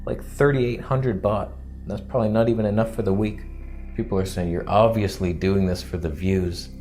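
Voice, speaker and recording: Candid joking man with a low, dark voice. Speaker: vlogger. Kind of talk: casual vlog monologue.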